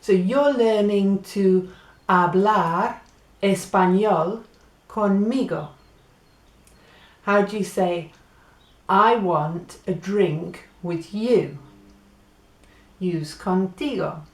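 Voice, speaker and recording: A woman's voice: medium pitch, extremely slow, pauses often, roomy sound. A woman from Great Britain giving a patient spoken language lesson, spelling out and repeating words. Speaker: Spanish teacher.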